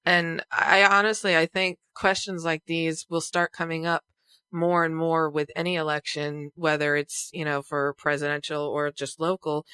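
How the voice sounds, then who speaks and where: A woman co-hosts a casual podcast in a chatty, easygoing way, filling her talk with "you know". Her voice is smooth and clear, recorded dry and close. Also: deep voice, a bit bright, no room sound. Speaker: podcast co-host.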